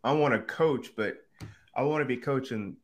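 A man chatting as a guest on a podcast, with a voice sitting at an ordinary middle pitch. He tells stories with lots of energy, jumping up in pitch when he acts out what others said. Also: moderate pace. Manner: animated storyteller who acts out quoted voices with big pitch jumps. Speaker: podcast guest, quarterback coach and former TV analyst. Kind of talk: casual podcast conversation.

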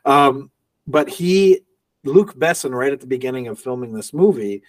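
A man's voice: medium pitch, lively intonation, normal speed, dry recording, recorded from a distance. A man co-hosting a movie podcast in casual chat, rambling and laughing often as he acts out little quotes. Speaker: podcast co-host.

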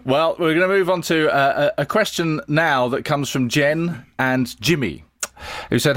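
A man hosts a podcast and reads out listener emails in an encouraging, casual way. His pitch moves a lot, and the sound is close and dry. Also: expressive, normal speed, a bit bright, dry recording. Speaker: podcast host.

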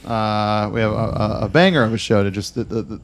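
A man's voice: fairly low pitch, fairly quick. A man hosting a casual podcast, rambling and cursing, with lots of fillers. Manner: rambling, swears, many fillers. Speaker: podcast host. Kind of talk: casual chat. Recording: noisy recording.

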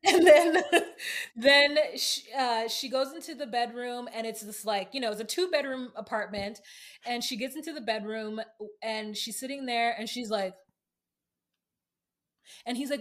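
A woman hosting a podcast, recapping a show in an animated, laughing casual chat. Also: fairly high pitch, normal speed. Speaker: podcast host.

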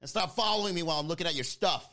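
Animated man telling a comic story. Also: fairly high pitch, racing. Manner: animated, mimics people in his story. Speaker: podcast host.

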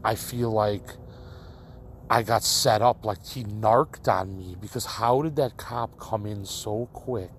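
A young man with a fairly low voice tells a personal story to his listeners. He rambles, leaning on likes and false starts. Faint ambience sits behind him. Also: slow pace, slight background noise. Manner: rambling, full of likes and restarts. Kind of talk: casual storytelling monologue.

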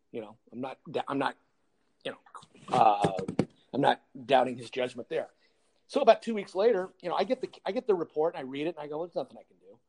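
A man's voice: a little high, darkish tone. An older man, a retired detective, telling a blunt, wry anecdote and acting out both sides of the dialogue. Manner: blunt, wry, acts out dialogue with lots of "I go" and "he goes". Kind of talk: casual anecdote storytelling.

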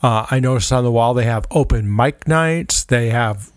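A man's voice: mid-range voice, normal speed, dry recording. Man, podcast co-host, rambling casual chat, dry close sound. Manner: relaxed, rambling with many fillers and restarts. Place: small studio.

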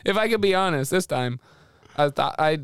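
A man co-hosting a casual comedy podcast, joking and playful with quick quips. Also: on the high side, animated, clear, resonant tone, dry recording, studio quality. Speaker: podcast co-host. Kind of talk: casual chat.

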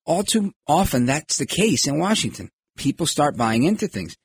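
A man's voice: a little high, very animated, normal speed, few pauses, husky, no echo. A man hosting a podcast, giving emphatic political commentary and acting out quoted voices. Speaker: podcast host.

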